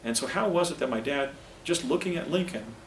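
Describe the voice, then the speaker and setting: A man giving a public lecture in an earnest, halting way, often restarting his sentences. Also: medium pitch, lively intonation, a little hiss or hum. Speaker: presenter. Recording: roomy, distant lecture recording with faint ambience.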